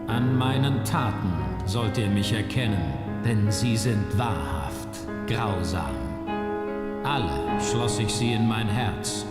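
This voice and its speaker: An actor playing a cold, brooding male killer who narrates a game intro in a slow, solemn voice. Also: on the low side. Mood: grim. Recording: echoey reverb over loud music.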